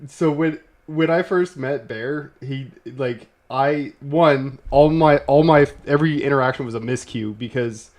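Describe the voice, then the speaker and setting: A man chatting on a live stream, spinning a rambling story. His speech is loose and profane, full of restarts and bursts of laughter, and his pitch sits in an ordinary middle range. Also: unhurried, few pauses, darkish tone. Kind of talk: casual storytelling chat.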